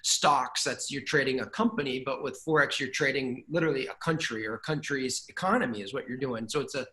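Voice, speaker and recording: A man being interviewed about his trading bot, telling a lively story in a casual chat and acting out his own reactions along the way. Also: mid-range voice, a little fast. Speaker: guest, trading bot founder.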